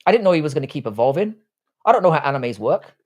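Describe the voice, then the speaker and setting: A man's voice: fairly high pitch, big pitch swings, quick pace, a little mellow. A man hosting a casual live stream, reading chat comments, talking bluntly with frequent swearing and rambling restarts. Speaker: livestream host.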